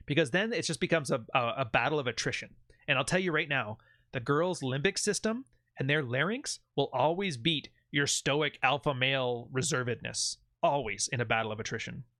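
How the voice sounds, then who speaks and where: Blunt, bright-voiced man. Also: mid-range voice, dry recording, clean studio sound. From Canada. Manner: blunt, profane, offhand. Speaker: channel host. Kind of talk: casual advice monologue.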